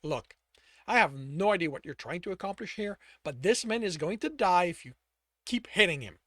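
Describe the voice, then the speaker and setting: Man voicing a blunt, clinical woman healer; raised pitch, brisk. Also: expressive, bright, forceful tone, no echo, studio quality, heavily acted. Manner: brisk, matter-of-fact.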